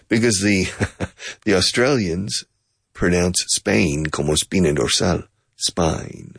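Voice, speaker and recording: A man with a very low, gravelly and husky voice gives a playful, casual English lesson. His pitch swings widely as he repeats phrases slowly and drops into Spanish to explain them. The sound is dry and close. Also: expressive, no echo. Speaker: English teacher.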